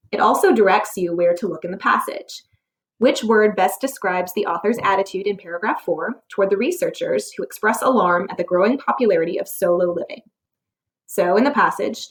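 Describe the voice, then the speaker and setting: Give me a woman teacher at a middle pitch, reading a clear scripted lesson that is full of rhetorical questions. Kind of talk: scripted narration for a test-prep lesson.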